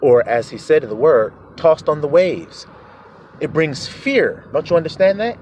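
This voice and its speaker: An animated preacher delivers a sermon, his voice sitting a little high for a man. His pitch swings widely as he slips into the voices of the people he quotes. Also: normal speed, a little hiss or hum.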